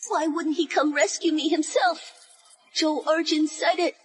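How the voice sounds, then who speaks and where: An actress playing a proud, spoiled young noblewoman in an animated drama, talking in a shrill, pleading, emotional way. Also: measured pace, a little hiss or hum. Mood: devastated.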